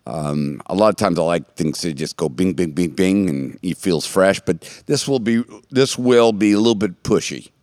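A man with a somewhat low voice hosts a relaxed church talk, joking and rambling, then drifting into quiet asides. The sound is dry and close, with no room around it. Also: normal speed, few pauses, no room sound. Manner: rambling, jokey, trailing off in soft asides. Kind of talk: casual chat.

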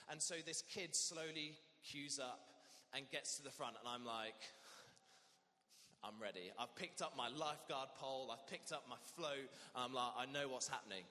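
A young man, a vicar, telling a humorous story in a lively sermon. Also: mid-range voice, big-room sound. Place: church.

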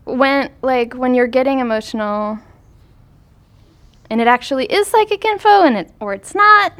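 A woman's voice: high voice, lively intonation, moderate pace, fairly bright tone. A woman in the audience asking a question. She rambles and hesitates as she searches for her words. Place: conference room with a live audience.

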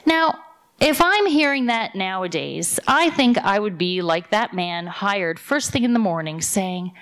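Lively woman preaching a sermon. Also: medium pitch, unhurried. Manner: lively storyteller, voicing characters in quotes. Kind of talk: sermon storytelling.

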